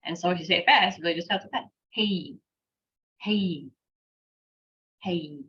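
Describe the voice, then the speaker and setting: A woman teaching an online language class, patiently breaking words into syllables and repeating them slowly, with a light laugh now and then. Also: lowish voice, sharp tone, slight background noise. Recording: dull lo-fi class recording.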